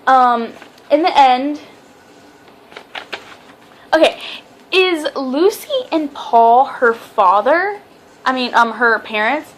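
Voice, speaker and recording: A woman's voice: high voice, takes it slowly, long pauses, a little hiss or hum. A young woman reviewing a book in a casual vlog, chatty and rambling, often stumbling over her words. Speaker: book vlogger.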